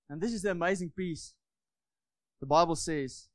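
A man preaches with fervent repetition, often calling for an amen. His voice sits high for a man. The sound is dry and close, with little room echo. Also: brisk. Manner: fervent, repeats phrases, asks the congregation for amens. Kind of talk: sermon.

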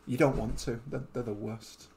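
A man's voice: medium pitch, steady tone, normal speed, creaky, crowd noise. A man hosting a casual podcast over a voice call, rambling and self-mocking, often stumbling over his words. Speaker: podcast host. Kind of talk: casual chat.

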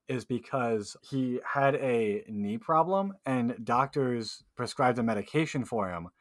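A man with an ordinary mid-range voice co-hosts a podcast, laying out facts he has read in a measured, explanatory way. The sound is dry and close. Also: medium pitch, no echo. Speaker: podcast co-host. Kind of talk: casual chat, sharing research.

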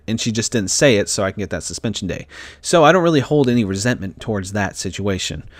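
A man's voice: on the low side, no echo. Upset young man telling a story. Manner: rambling, with frequent restarts and fillers. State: upset and stressed. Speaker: vlogger. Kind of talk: casual storytelling.

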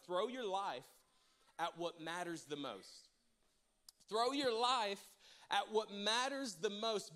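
A man with a high, light voice preaches in a church, spinning a funny personal story with lots of back-and-forth with the congregation. His delivery is animated and playful, then settles into earnest exhortation. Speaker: pastor.

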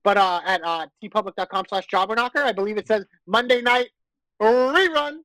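A man with a high-pitched voice rants in casual podcast chat, exasperated and quick to swear. The sound is dry and close, with no room around it. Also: sharp tone, dry recording, low-quality recording. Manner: exasperated, profane ranting. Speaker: podcast co-host.

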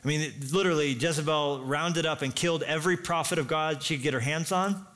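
Brief: energetic male pastor, slightly high voice, tells the story in a sermon. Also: a little fast.

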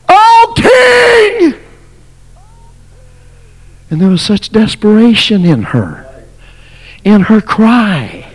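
Male pastor, high-pitched and deliberate, dramatic shouts and hushed asides. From United States. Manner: dramatic, swings from shouts to near whispers. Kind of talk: fiery sermon storytelling.

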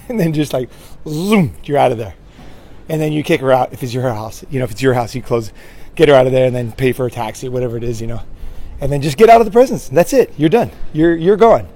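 This man talks fast with a medium-pitched, mellow, expressive voice, offering relationship advice in a loose, rambling monologue. He often ends lines with "right?" and keeps restarting his sentences.

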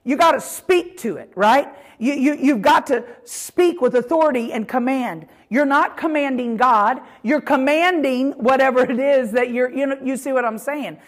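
A woman's voice: high-pitched, moderate pace, few pauses. A woman teaching a Bible lesson on prayer in a conversational way, with frequent asides and fillers.

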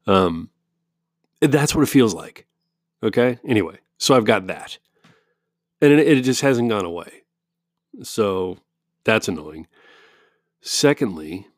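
A man's voice: on the low side, dry recording, studio quality. A man from the United States in a casual rambling monologue at home, talking into a microphone with restarts, chuckles and mock-quoted asides. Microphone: studio-style microphone.

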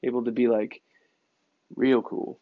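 A man's voice: medium pitch, flat delivery, unhurried, narrow, tinny audio. A man in casual chat, rambling in a hesitant way. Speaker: panelist.

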